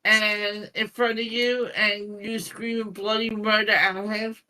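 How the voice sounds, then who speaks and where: Casual gaming podcaster, very slow pace, bright tone. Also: mid-range voice, level tone, rough recording. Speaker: podcast guest. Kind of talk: casual chat.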